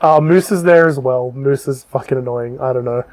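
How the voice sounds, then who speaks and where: A man's voice: mid-range voice, moderate pace, darkish tone. A man co-hosting a casual podcast, loosely retelling a book's plot with lots of ums and swearing. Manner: loose and rambling, frequent ums and profanity. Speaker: podcast co-host.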